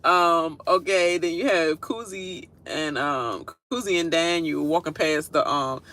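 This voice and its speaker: A woman's voice: low-pitched, measured pace, fairly bright tone. A woman giving a casual, sassy reaction rant, laughing often and mimicking people in whiny voices. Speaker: reality show commentator.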